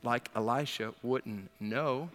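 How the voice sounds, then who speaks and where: A man preaching a sermon, retelling a Bible story in an animated way with quips to the congregation. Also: mid-range voice, slow, big-room sound, slight background noise. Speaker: pastor.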